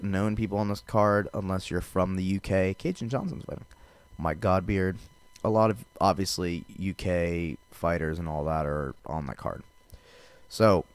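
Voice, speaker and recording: A man with a low voice hosts a casual fight-talk podcast. He rambles in a loose, profane way, full of fillers and restarts. The sound is dry and close, with no room around it. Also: no echo. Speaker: MMA podcast host.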